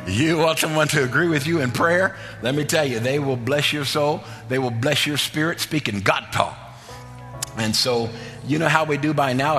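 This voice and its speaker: A man preaching a sermon in a church, with an emphatic, repetitive cadence that often breaks into shouting, then leading prayer and an altar call. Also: mid-range voice. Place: church sanctuary. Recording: long church reverb with faint music.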